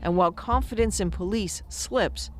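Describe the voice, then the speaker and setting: A woman reading a news report voice-over in a measured, serious way. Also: mid-range voice. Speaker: news correspondent narrating. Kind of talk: scripted news narration. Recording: voice-over with music bed.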